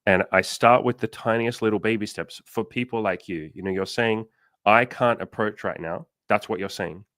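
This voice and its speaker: A fast, blunt man with a lowish voice hosts a casual livestream, talking through dating advice and slipping into quoted voices. He swears freely. The sound is dry and close. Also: steady tone, fairly bright tone, dry recording. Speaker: dating coach and livestream host.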